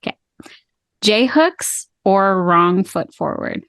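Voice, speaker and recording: A woman's voice: medium pitch, expressive, slow pace, vocal fry, a bit bright, smooth, dry recording. A woman in her thirties from Canada hosting a casual podcast interview, chatty and encouraging, laughing easily. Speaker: podcast host.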